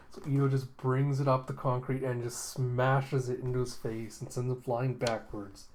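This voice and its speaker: A man's voice: medium pitch, little pitch movement, normal speed, a little mellow, a little hiss or hum. A man hosting a casual manga readthrough, rambling with lots of fillers and chuckles. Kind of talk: casual reading commentary.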